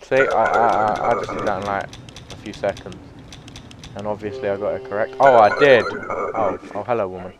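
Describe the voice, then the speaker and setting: A man giving sweary, excitable let's play commentary, breaking into loud yelps between muttered remarks. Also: on the low side, moderate pace, noisy background. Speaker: gaming YouTuber.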